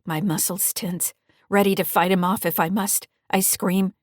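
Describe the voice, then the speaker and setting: A woman author reading her thriller audiobook in a measured, steady first-person narration. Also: medium pitch, no room sound, clean studio sound.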